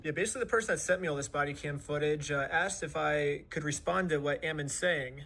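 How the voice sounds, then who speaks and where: A man's voice: on the high side, fast, big-room sound, heavy background noise. A man telling his side in casual chat, rambling and sarcastic. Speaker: video creator explaining his story.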